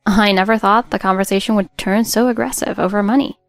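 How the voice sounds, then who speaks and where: Woman reading a sad story, steady and solemn, dry close voice. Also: medium pitch, a little fast, gravelly, dry recording, soft background music. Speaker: story narrator. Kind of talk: scripted narration.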